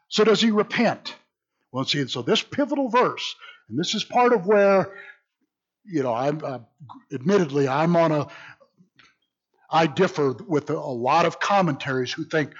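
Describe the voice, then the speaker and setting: A man leads a Bible study with a somewhat high, husky voice that swings widely in pitch. His delivery is animated and sardonic, full of wry asides. The recording is dull and lo-fi. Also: moderate pace. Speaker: Bible teacher.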